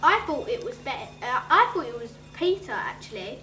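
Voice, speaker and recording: A woman's voice: sits high, sing-song, fairly quick, sharp tone, soft background music, low-quality recording. A schoolgirl with an English accent chatting on a school radio show, hesitant and explaining at length. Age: child. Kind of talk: casual chat.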